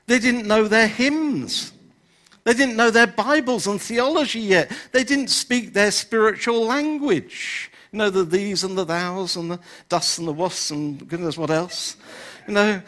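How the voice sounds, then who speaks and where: Older pastor, fairly high voice, chatty sermon, lots of "you know". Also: male voice, fairly bright tone. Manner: conversational, peppered with "you know".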